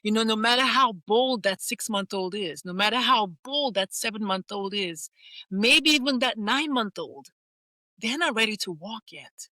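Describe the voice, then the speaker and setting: A woman talks as a pediatrician guest, her voice pitched a little high and very bright. She tells her own story candidly and animatedly, repeating phrases for emphasis. The sound is dry and close. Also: animated, moderate pace, no echo. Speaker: pediatrician and life coach guest.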